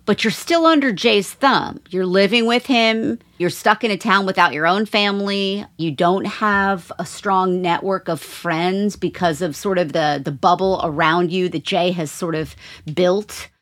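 A woman hosting an interview, asking her guest questions in an expressive, empathetic way. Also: fairly low pitch, measured pace. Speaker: interview host.

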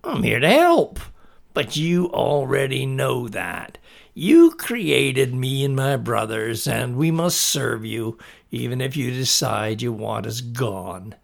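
A man's voice: medium pitch, very animated, slow pace, gravelly, exaggerated voice. A man voicing an ugly, scaly, horned male monster who hisses and mocks, in a spoken storybook. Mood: insistent. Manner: hissing, mocking.

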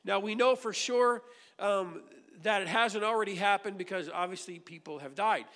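A man's voice: sits high, normal speed, a bit bright, in a large hall. A man preaching a sermon as pastor, earnestly explaining scripture and reading verses aloud, often repeating his words.

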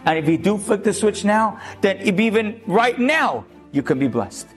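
Rabbi, male, fairly high voice, lively storyteller turning earnest preacher. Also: normal speed, faint music behind. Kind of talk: short Torah lecture.

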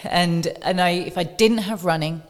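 A woman's voice: fairly low pitch, normal speed, big-room sound. Emotional woman telling a race story. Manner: animated, quoting others in dialogue, emotional. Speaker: podcast guest.

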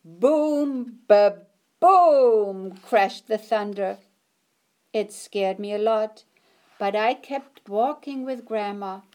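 A woman reading a picture book aloud in a gentle, expressive storytelling manner. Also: medium pitch, slow, smooth.

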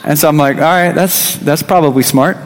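Youth pastor in his thirties, slightly high voice, casual storytelling sermon in a reverberant church. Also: fairly quick, a little hiss or hum. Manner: conversational, restarts often, acts out quotes. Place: church sanctuary.

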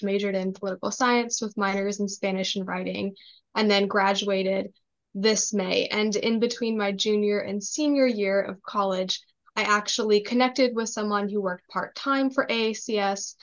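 Young woman, 20s, Minnesota-raised podcast guest; friendly, measured delivery; slightly muffled audio. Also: medium pitch. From Minnesota, USA. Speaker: guest, government relations assistant. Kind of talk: casual podcast interview.

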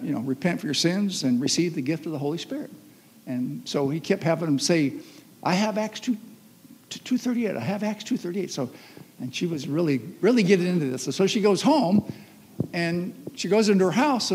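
A man's voice: on the high side, slightly rough. A man preaching a sermon as pastor, telling stories and acting out voices. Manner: storytelling, animated, acts out voices. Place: church hall. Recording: long reverb of a church hall.

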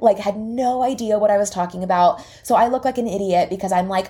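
A young woman hosting a podcast, telling a personal story in a lively way and acting out the dialogue. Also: medium pitch, fast talker, few pauses. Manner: lively retelling that acts out quoted dialogue. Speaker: podcast host and salon owner. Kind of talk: casual storytelling.

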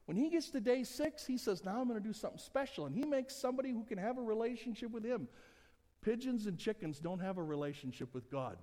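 High-voiced male pastor in a reverberant hall. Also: expressive, brisk. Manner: preaching with swings from soft asides to loud emphatic passages; humorous, conversational. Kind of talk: sermon. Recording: long church hall reverb.

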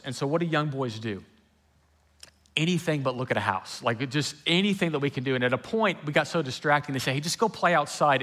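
A man preaching a sermon in a conversational storytelling way, with quick runs and slow, hushed emphasis. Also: mid-range voice. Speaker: pastor.

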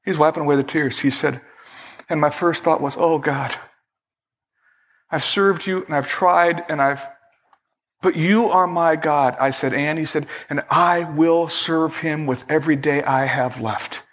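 A male pastor preaching in a church sanctuary, his voice sitting a little high for a man. He takes his time, pacing every phrase slowly and leaning into the quoted prayers with deliberate emphasis. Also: a bit bright. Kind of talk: sermon.

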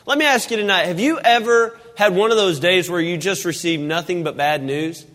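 A pastor delivers a relaxed, chatty sermon, wandering into folksy asides and restarts. His voice sits high for a man. The church sanctuary leaves a long reverberant tail on every phrase. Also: normal speed. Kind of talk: casual sermon.

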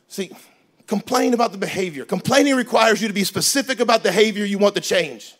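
A man preaching a sermon as pastor in a church, animated and joking, switching between loud emphasis and quiet asides. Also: high-pitched, fast talker. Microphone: handheld microphone.

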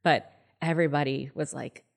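Female podcast host, thirties, low voice, chatty and animated true-crime teller. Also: normal speed, gravelly. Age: 30s. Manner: chatty, animated, acts out quoted people in a higher voice. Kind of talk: casual true-crime storytelling.

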